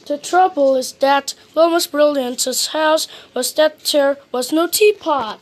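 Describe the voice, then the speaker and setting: A woman reading a children's storybook aloud, slowly, with friendly asides to the listener. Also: high voice. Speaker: storybook reader. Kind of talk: children's read-aloud narration.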